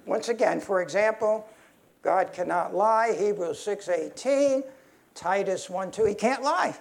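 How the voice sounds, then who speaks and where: A man's voice: high-pitched, a little slow, vocal fry. A man preaching a sermon in a heated, emphatic way, often restarting his sentences.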